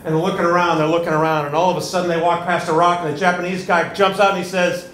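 A man's voice: high voice, flat delivery, quick pace, very noisy. A man from Chicago, an audience member, telling a joke in a plain, matter-of-fact way at a comedy club. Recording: roomy club sound with faint ambience.

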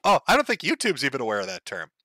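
Bright, dry-voiced man riffing on stream. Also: mid-range voice, huge pitch swings, very fast, no room sound. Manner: crude, joking, laughs often between lines. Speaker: livestream host reading chat. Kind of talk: casual livestream commentary.

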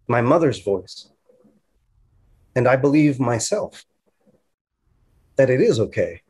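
A man playing husky, halting young man Zach. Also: mid-range voice, darkish tone. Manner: halting, emotional storytelling with restarts. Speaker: actor in a stage play. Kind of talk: theatrical monologue to the audience.

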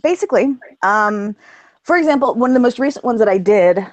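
A woman audiobook narrator with a low register, chatting as an interview guest and laughing often. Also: lively intonation, brisk, a little mellow, no room sound, dull audio. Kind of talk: casual interview chat.

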